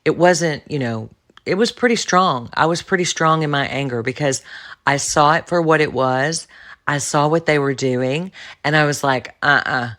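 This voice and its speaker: A woman's voice: low-pitched, normal speed, a bit bright. Woman, podcast host, solo monologue, blunt, emphatic, self-assured, repeats words for emphasis, addresses the listener. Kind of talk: solo monologue on personal development.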